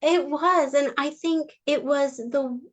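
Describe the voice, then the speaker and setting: A woman guest on a podcast telling a personal story casually, animated, with frequent fillers and restarts. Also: high-pitched, slow pace. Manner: animated, says "like" often, restarts words.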